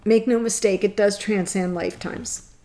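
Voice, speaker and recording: A woman's voice: mid-range voice, fairly even intonation, normal speed, dark tone. A woman giving a tarot reading to camera, gushing and tearful, laughing through her emotion. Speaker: tarot reader.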